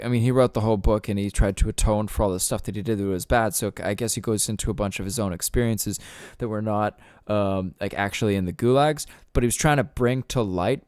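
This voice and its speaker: A man's voice: lowish voice, fast, a little mellow, clear, resonant tone, no room sound, studio quality. A young man hosting a solo podcast, ranting in a profane, rambling way with lots of fillers. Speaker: podcast host. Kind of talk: casual solo podcast rant.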